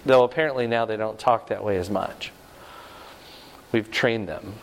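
A man's voice: lowish voice, normal speed. Folksy older man preaching in a reverberant hall. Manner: folksy, conversational, asks the congregation questions. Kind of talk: sermon with storytelling.

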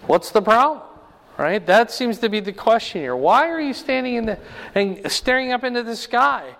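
A man teaching a Bible lesson verse by verse, explaining slowly and checking in with "right?" and "okay?". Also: very high-pitched, animated, creaky, fairly bright tone, long reverb tail.

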